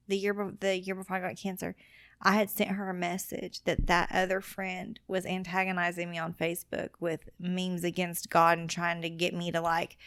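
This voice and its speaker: A woman's voice: fairly low pitch, no room sound. A woman guest on a podcast telling her personal story earnestly and acting out what other people said. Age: adult with children. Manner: earnest, quotes people in lively retellings.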